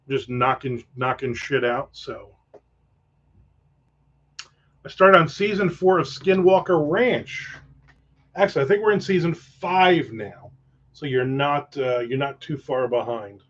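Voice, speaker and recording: A man hosting a casual livestream chat, rambling with profane jokes and asides. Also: medium pitch. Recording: dull lo-fi sound.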